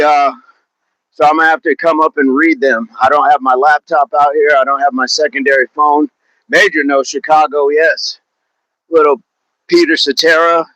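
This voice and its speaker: A man's voice: fairly high pitch, fairly bright tone, dry recording, low-quality recording. A man coaching a fitness live stream outdoors in a park, chatting casually, upbeat, greeting viewers by name and repeating words. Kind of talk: casual live-stream chat while warming up.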